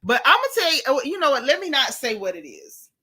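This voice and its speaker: A woman hosting a casual reality TV recap, telling it in a sassy, animated way with lots of slang. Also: high voice, brisk. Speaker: host.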